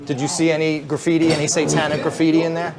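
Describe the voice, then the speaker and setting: A man's voice: a little high, completely flat delivery, quick pace, gravelly, a loud crowd. A man hosting an interview, steering his guest with probing questions. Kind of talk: casual interview.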